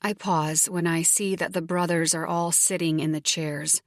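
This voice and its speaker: A woman giving steady, intimate first-person narration of a romance audiobook. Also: on the low side, moderate pace, no room sound, studio quality.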